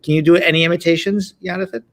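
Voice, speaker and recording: A man's voice: fairly high pitch, steady tone, quick pace, fairly bright tone. A man hosting a live talk show, chatting casually and laughing easily. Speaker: host.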